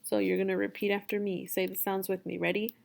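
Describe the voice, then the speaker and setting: A woman teaching a phonics lesson for young children, sounding out words slowly and deliberately. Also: medium pitch, flat delivery, vocal fry, a little mellow, slight background noise. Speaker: second grade teacher.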